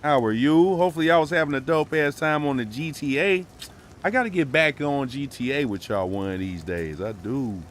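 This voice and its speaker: A man with a Brooklyn-tinged American accent, chatting casually on a game stream in loose, profane slang and shouting out his viewers. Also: mid-range voice, brisk, a little hiss or hum. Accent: Brooklyn-tinged American English. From born in New York, raised in Minneapolis.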